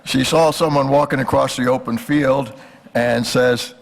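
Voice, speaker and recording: An older man speaks in a gravelly voice. He lectures on history in a relaxed, joking way and stops often with fillers. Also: medium pitch, measured pace. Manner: folksy, hesitant with many fillers. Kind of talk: lecture with jokes.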